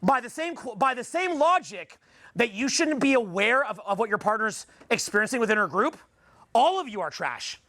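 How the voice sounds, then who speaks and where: A man's voice: extremely high pitch, very animated, moderate pace, sharp tone, dry recording. A Canadian man in his forties giving a live seminar talk, blunt and profane, firing rhetorical questions at the room. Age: 40s. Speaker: seminar speaker.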